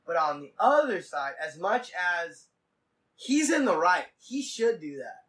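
A man hosting a casual podcast, telling a rambling, profane story in quick bursts. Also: sits high, very animated, a bit bright, far from the mic, rough recording. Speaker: podcast host.

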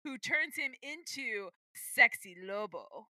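A woman's voice: a little high, lively intonation, slow pace, pushed and bright, no echo. A woman co-hosting a podcast, chatting casually with enthusiastic, rambling asides. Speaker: podcast co-host. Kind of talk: casual chat.

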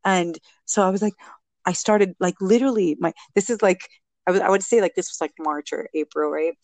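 A woman guest and mother telling a personal story in a casual interview, animated and acting out what people said. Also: on the low side, fairly quick, no echo. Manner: animated, acts out quoted speech.

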